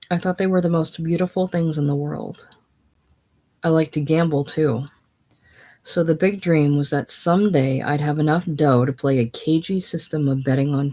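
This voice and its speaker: In a casual play reading, a reader gives voice to a weary, cynical man ground down by grief and drink. The delivery is a listless monotone in a mid-range voice.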